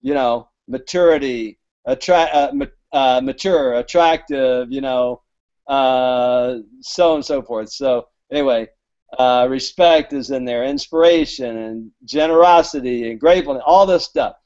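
A man's voice: mid-range voice, measured pace, a little mellow. A man from Alabama, a guest author telling rambling, chatty stories in an interview and acting out the dialogue he quotes. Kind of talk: casual storytelling interview. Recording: dull lo-fi audio.

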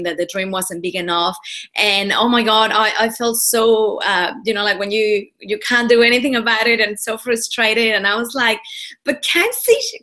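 A woman from Mexico speaks English with a Spanish accent, her tone bright and clear. She tells her story earnestly and with energy, leaning on fillers as she goes. She is a guest speaking over a video call. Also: mid-range voice. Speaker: women's leadership coach. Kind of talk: interview guest.

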